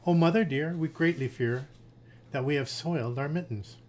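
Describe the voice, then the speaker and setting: A man's voice: fairly high pitch, normal speed, a little hiss or hum, lightly acted. A man voicing three fretful little kittens in a storybook reading, pleading and whiny.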